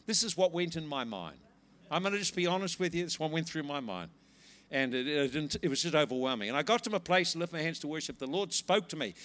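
A man preaching to a congregation, telling a healing story in a lively, animated way. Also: fairly high pitch. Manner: animated storytelling, rises to laughing excitement. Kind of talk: sermon with personal story.

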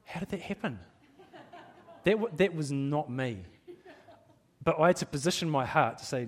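A man's voice: fairly high pitch, lively intonation, moderate pace, pauses often. Candid, chuckling man preaching a sermon. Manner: candid, self-deprecating, laughs often, many restarts. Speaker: pastor.

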